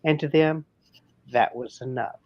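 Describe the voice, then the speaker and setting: A man co-hosting a podcast, reading a story aloud in a halting way with small slips. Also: mid-range voice, steady tone, a little mellow, a little hiss or hum. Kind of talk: casual storytelling read-aloud. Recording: dull lo-fi, dry sound.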